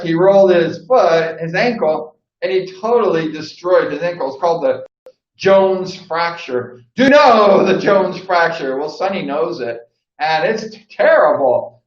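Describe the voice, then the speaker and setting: A man hosting a vlog, telling stories casually and rambling, with lots of fillers like "like" and "you know". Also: on the high side. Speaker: vlog host and former speedway rider. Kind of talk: casual storytelling. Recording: echoey dull lo-fi room.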